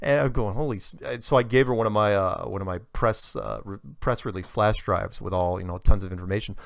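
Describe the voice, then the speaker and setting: A man telling an animated, rambling story in casual conversation, with many restarts. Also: fairly low pitch, a little fast, creaky, no echo, studio quality. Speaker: guest speaker.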